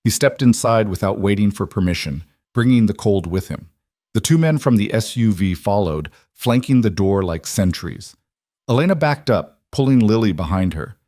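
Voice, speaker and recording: A man narrating a scripted story in a steady, measured storytelling voice. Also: fairly low pitch, dry recording, studio quality.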